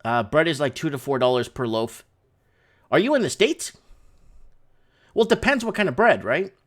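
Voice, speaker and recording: Rambling, high-voiced livestream host. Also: male voice, moderate pace. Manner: rambling, excitable ranting. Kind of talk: casual livestream talk reading chat.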